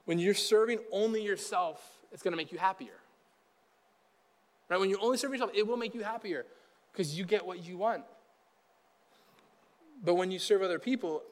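Young male pastor with a high voice, chatty sermon, animated asides. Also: normal speed, long pauses. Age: young adult. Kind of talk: casual conversational sermon.

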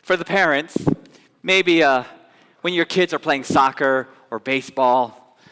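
A man preaches in a church sanctuary with a high, bright voice. His delivery is animated, rising to loud emphatic bursts and sinking into soft, hushed passages. A long hall reverb trails every phrase. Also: a little slow, clear, resonant tone. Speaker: pastor. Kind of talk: sermon.

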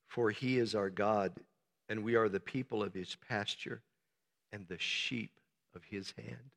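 Slow, bright-voiced preaching man in a hall. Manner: swings from soft and low to shouted, emphatic preaching. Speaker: pastor. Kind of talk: sermon. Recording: long reverb of a large hall.

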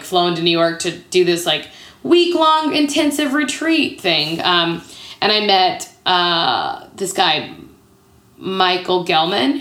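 A woman's voice: lowish voice, a bit bright. A woman in her thirties, an improv comedian telling stories as an interview guest in a chatty way, full of "like". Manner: chatty, peppered with "like". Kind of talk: casual storytelling interview. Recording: roomy echo.

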